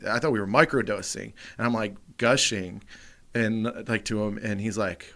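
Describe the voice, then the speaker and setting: Animated, profane male comedy podcaster. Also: lowish voice, moderate pace, creaky. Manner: animated, profane, acts out quotes loudly. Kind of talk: casual storytelling chat.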